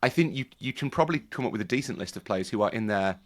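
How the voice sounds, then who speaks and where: A man's voice: fairly low pitch, expressive, fast. A man in a casual panel chat, thinking aloud with many restarts. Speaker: podcast panelist.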